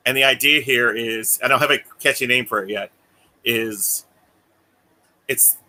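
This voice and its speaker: Man, very bright tense voice, rambling podcast co-host, laughs, acts out quotes. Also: medium pitch, unhurried. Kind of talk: casual chat.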